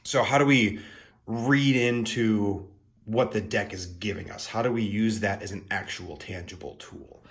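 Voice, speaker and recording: A man's voice: lowish voice, measured pace. Chatty man hosting a tarot video. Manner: chatty and playful, with frequent fillers and asides. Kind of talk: casual explanatory video talk.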